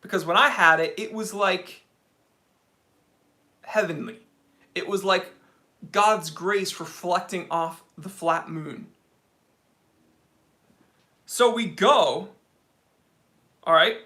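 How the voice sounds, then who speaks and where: A man's voice: high voice, slow pace, pauses often. A young man hosting a casual livestream, telling a story as a comic rant and talking to viewers by name. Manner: animated comic ranting. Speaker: livestream host.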